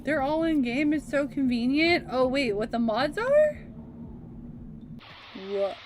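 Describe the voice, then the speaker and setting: A woman's voice: high-pitched, very animated, takes it slowly, background noise. A woman in her thirties streaming a video game, chatting and reminiscing casually and laughing easily. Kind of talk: casual gaming stream chat. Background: game music.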